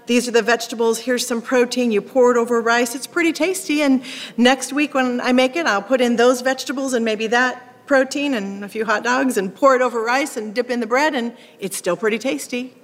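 A woman pastor preaching a sermon, animated, acting out quoted lines with sharp rising questions. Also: fairly high pitch, brisk. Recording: long hall reverb.

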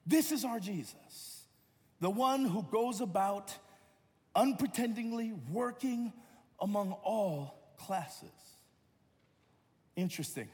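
A man preaching a sermon in a church, with dynamic delivery that swings from loud emphasis to hushed, low passages. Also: animated, slow pace, long pauses. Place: church sanctuary. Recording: long hall reverb.

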